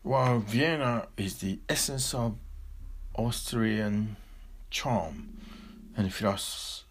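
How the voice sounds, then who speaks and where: A man giving a slow, deliberate philosophical discourse with long pauses, like a spiritual teacher. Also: lowish voice, slight background noise.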